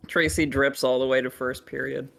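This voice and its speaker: A man as a player in a tabletop role-play, speaking as his character in a moody, low-key way. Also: level tone, moderate pace, gravelly, fairly bright tone, soft background music.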